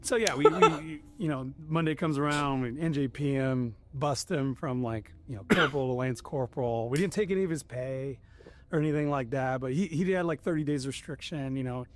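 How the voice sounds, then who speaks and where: A man's voice: mid-range voice, brisk. A middle-aged man casually telling a long military story with lots of profanity, acting out the voices of the people in it. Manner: profane, animated, acts out quoted voices.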